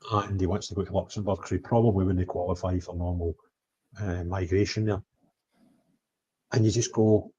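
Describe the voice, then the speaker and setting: A husky, fairly low-voiced man talks bluntly on a livestream. He jumps from loud, raised bursts to quiet mutters. The sound is dull and lo-fi. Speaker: streamer telling of his travels. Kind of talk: animated livestream chat. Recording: dull lo-fi stream audio.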